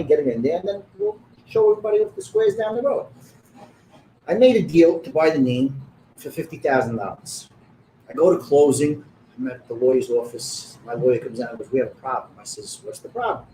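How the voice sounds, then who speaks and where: A middle-aged man, a pizzeria owner telling his story bluntly and animatedly, acting out the quoted dialogue. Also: mid-range voice. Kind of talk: storytelling in an interview. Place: back room of a pizzeria under construction. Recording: echoey room with construction noise.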